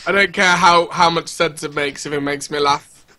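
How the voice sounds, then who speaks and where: Chatty giggly guy, high voice, really bright. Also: fairly even intonation, normal speed. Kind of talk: casual game chat.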